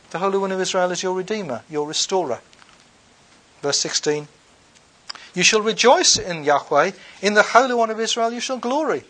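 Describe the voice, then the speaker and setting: Male lecturer, slightly high voice, reads verses then explains them casually, lots of fillers. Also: a bit bright. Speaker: bible lecturer. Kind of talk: unscripted lecture with scripture readings.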